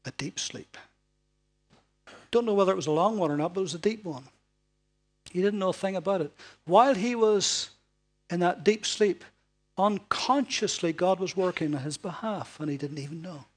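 Man, sermon, fairly high voice, chatty, tag questions, faint music behind. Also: normal speed, pauses often, slightly rough. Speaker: preacher. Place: church hall before a congregation.

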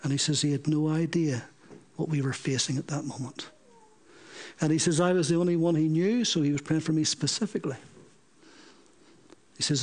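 Preacher guy, fairly high voice, tells stories and acts out the back and forth. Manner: animated, acts out quoted dialogue. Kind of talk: sermon storytelling.

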